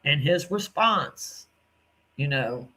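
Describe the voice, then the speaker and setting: A man's voice: fairly high pitch, expressive, takes it slowly, bright, forceful tone. A man giving angry reaction commentary on played clips, indignant and cursing as he addresses the person he criticizes.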